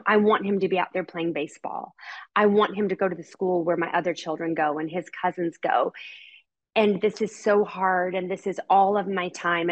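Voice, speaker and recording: Husky middle-aged woman. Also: mid-range voice, muffled recording. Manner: earnest, heartfelt, repeats words for emphasis. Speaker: podcast guest, mother. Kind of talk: candid personal storytelling.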